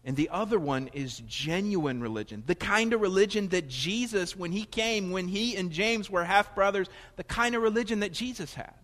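A Southern-accented pastor from Florida preaches a sermon, his high-pitched voice fairly bright and moving at a normal speed with few pauses. His delivery is chatty and digressive, and he keeps correcting himself. The recording carries the long reverb of a large hall.

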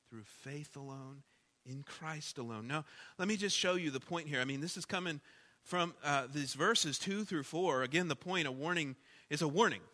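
A man preaching a sermon with emphatic delivery, asking rhetorical questions and swinging between loud and quiet. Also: on the high side. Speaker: pastor.

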